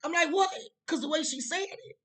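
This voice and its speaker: High-pitched woman, casual profane storyteller, talks straight to viewers. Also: brisk, low-quality recording. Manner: animated, profane, frequent "right?" asides to viewers. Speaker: storyteller vlogger.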